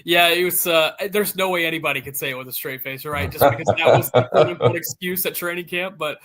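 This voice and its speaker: A man talking as a guest sports reporter, casual and energetic, with quick restarts and fillers. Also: a little high, a crowd in the background.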